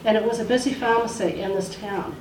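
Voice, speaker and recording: A woman's voice: mid-range voice, brisk. Woman telling a testimony in an echoey room. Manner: emotional storytelling, acts out quoted voices. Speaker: church speaker sharing a testimony. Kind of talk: testimony in a church service. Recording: echoey room, far from the mic, faint noise.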